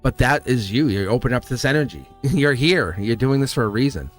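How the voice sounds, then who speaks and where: A middle-aged man hosting a live tarot reading, rambling and upbeat, his voice hoarse and cracking. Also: mid-range voice, expressive, brisk, faint music behind. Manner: rambling, upbeat, repeats himself. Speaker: tarot reader and host.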